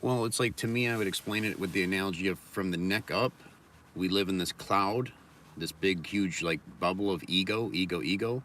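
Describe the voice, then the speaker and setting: Gruff low-voiced man ranting bluntly. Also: moderate pace, a bit bright, far from the mic, slight background noise. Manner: rambling, profane and blunt; philosophizing in repeated mantras. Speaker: livestream host. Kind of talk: casual livestream monologue.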